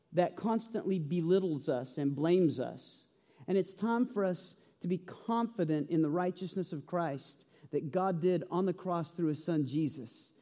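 Man, pastor, sermon, high mellow voice, storytelling, long church reverb. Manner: storytelling, humorous, earnest. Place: church sanctuary.

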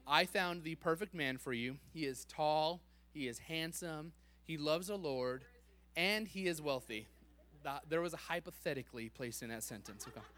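A man giving a playful, animated sermon, joking with the congregation and laughing at himself. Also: on the high side, no echo. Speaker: preacher.

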